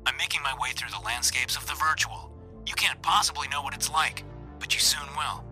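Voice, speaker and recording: Male narrator putting on a calm, creepy ghost of a young man, voice raised and hushed, faint music under it. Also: on the high side, a little fast, voice pushed up. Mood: eerie calm. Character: dead young man's ghost, eerie, calm.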